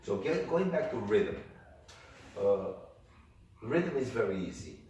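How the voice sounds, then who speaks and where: An older man teaching a music workshop, talking in an animated way and demonstrating rhythms with sung syllables. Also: lowish voice, slow pace, muffled recording. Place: indoor workshop room. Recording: echoey room from far off, faint noise.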